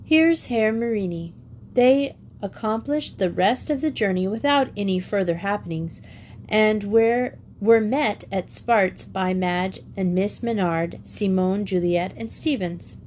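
A woman reading a classic children's novel aloud in a steady, clear storytelling manner. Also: medium pitch, unhurried, a little hiss or hum. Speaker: audiobook reader.

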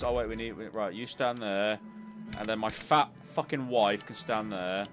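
A man's voice: medium pitch, expressive, moderate pace, fairly bright tone. A man casually commenting on a video game as he streams it, swearing, exclaiming and laughing at what happens on screen. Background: game music.

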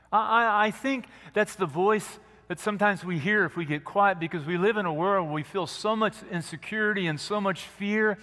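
A man preaching a sermon as pastor, earnest and gentle, dropping to a soft hush at quiet moments. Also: high-pitched. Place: church sanctuary. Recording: long church hall reverb.

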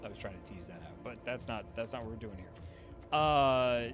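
A man streaming a card game, cursing and raving about the art in a casual, excitable way. A game soundtrack plays clearly under his voice. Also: medium pitch, a little fast, loud music behind the voice. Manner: excitable, profane, gushing over card art. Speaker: streamer host.

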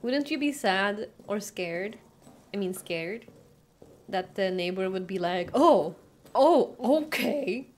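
While playing a game on a livestream, a young woman talks easily with her audience, throwing questions their way and laughing a lot. She speaks slowly in a steady, medium-pitched voice.

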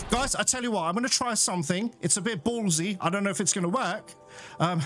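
A man commentating a video game he is playing, excitable, swearing and cheering at the action. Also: high voice, quick pace, loud music behind the voice. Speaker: gaming channel host. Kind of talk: let's play commentary.

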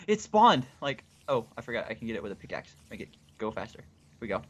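A young man co-hosting a video game let's play, excitable and prone to yelps and shouts of alarm. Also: medium pitch, a little fast, breathy edge. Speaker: co-host gamer.

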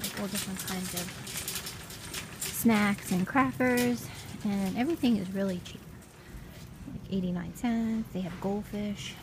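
A middle-aged woman vlogs her shopping trip, chatting casually as she walks and talks through the stores, her car and her home. Her voice is mid-range, and the recording is very noisy.

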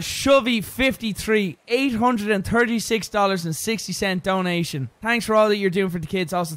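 A young man on a charity livestream, excitable, loud and sweary as he thanks donors. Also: sits high, no room sound. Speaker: streamer.

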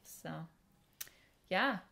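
A woman's voice: drawn-out words, bright, forceful tone. A young woman co-hosting a podcast, chatting casually with lots of "like" fillers. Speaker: podcast co-host. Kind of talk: casual chat.

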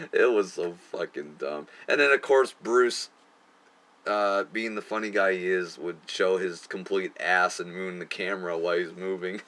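A man's voice: low voice, a bit bright. A young man casually looking back on his amateur film, crude and profane, often laughing at himself. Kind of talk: casual commentary.

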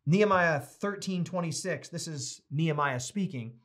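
An American Bible teacher with a slightly high, slightly bright voice speaks animatedly at a moderate pace. He leads a relaxed study, reading passages aloud and telling chatty stories in between.

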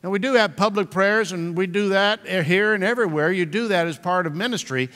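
Male pastor, conversational sermon delivery with slow emphatic repeats, higher register, long hall reverb. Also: fairly bright tone.

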